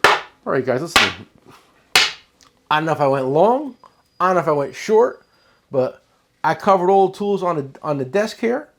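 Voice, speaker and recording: A man's voice: on the high side, lively intonation, moderate pace, creaky, pauses often, a bit bright, a little hiss or hum. A man with a New Jersey accent hosting a casual tool show, rambling and joking with his cohost. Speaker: tool shop owner and show host. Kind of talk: casual product chat.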